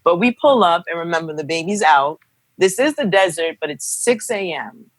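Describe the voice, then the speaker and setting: A young woman telling her birth story as a podcast guest, animated and acting out what people said. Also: fairly low pitch, moderate pace, dry recording, rough recording. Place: podcast studio.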